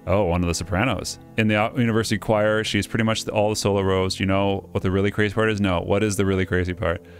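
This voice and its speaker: Low-voiced male let's player, wry and self-interrupting, reading game text with faint music behind. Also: steady tone, fast talker. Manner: wry, self-interrupting, stumbles over names. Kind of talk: reading a game script aloud with jokey asides.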